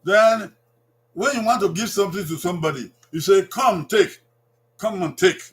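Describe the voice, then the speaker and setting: A man with a Nigerian accent giving a language lesson, repeating each word slowly and drawing it out for learners. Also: high voice, a bit bright, husky. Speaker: language teacher.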